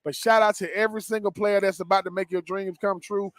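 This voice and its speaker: A man co-hosting a live sports talk show, animated and playful, with slangy, repetitive speech. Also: sits high, quick pace, no echo. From Southern US. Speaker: co-host and former player.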